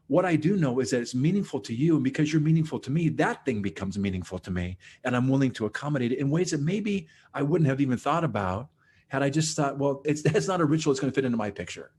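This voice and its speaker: A man's voice: mid-range voice, animated, a little fast, darkish tone, slightly rough. A man hosting a behavioral health podcast, thinking aloud in a reflective, conversational way with frequent "kind of" and "you know". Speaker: podcast host, psychologist. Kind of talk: conversational interview.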